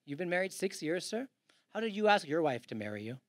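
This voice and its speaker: A man from India doing a stand-up comedy set, animated and acting out the people in his stories. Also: sits high, a little hiss or hum. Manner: animated, acts out callers in quick voices. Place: comedy club with live audience. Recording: live club audience laughing.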